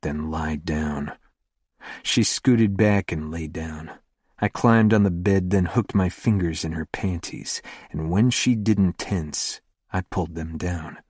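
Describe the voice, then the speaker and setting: Male audiobook narrator, very deep voice, husky, hushed and intimate. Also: no echo, clean studio sound. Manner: slow, hushed, intimate delivery. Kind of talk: first-person scripted narration.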